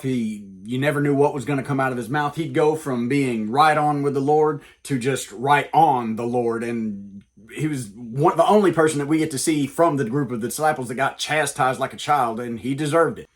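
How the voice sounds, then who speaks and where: A man's voice: mid-range voice, fairly quick. A man hosting a comedic Bible lesson, telling the story in a jokey, casual, wisecracking way. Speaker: comedic preacher, host.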